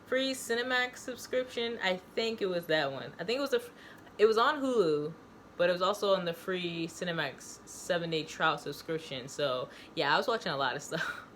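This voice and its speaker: A woman talking casually to camera about a movie and her own book, loose and chatty with slang. Her voice sits a bit low. A faint hiss of background noise runs under it. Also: lively intonation, normal speed, fairly bright tone. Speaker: book reviewer and author. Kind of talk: casual video review and reading.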